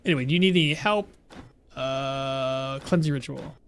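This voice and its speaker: A man giving casual, rambling gameplay commentary, chatty and quick to laugh, at a home setup. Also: mid-range voice, slight background noise. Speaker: gaming streamer.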